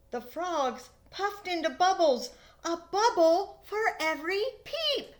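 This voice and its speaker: A preschool teacher reads a picture book to small children in a high, lively voice. She takes her time, letting each line land slowly, and turns now and then to ask the little ones a question. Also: slight background noise. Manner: expressive, slow storytelling with questions to children. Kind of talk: reading a picture book aloud to young children.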